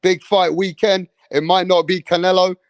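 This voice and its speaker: A young man whose voice sits high hosts a boxing livestream with a flat delivery at a moderate pace, in a dry recording. He keeps the chat casual and slangy, repeats himself, and reads comments from viewers aloud.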